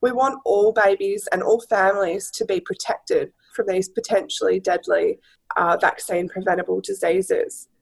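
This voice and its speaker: An Australian woman with a gravelly, husky voice answers interview questions in an earnest, steady way. She speaks as a guest and charity director, and her voice sits at a middle pitch. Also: normal speed, poor audio.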